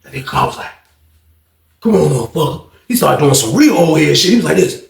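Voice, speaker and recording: A man spins a street story in an animated, profane style, acting out each person's lines as he goes. His voice sits a little high with a rough, gravelly edge. The sound carries a noticeable room echo. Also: fast talker. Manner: animated, profane, acts out quoted speech. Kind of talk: casual storytelling.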